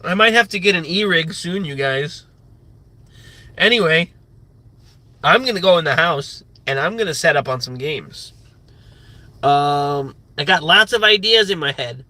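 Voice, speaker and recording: A man with a high voice talks on a casual live stream, rambling loosely and swearing freely. His tone is bright and forceful, and his sentences are heavy with "like." It sounds like unscripted, off-the-cuff chat. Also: moderate pace, no echo. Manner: rambling and profane, heavy use of "like".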